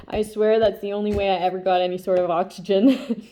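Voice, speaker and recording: A woman's voice: mid-range voice, moderate pace, mellow. A woman with a stuffed-up nose giving a casual tarot reading, chatty and full of fillers, often checking in with "okay?" and now and then reading passages aloud. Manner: chatty, filler-heavy, keeps asking "okay?", laughs often. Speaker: tarot reader. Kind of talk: casual spiritual chat with read-aloud passages.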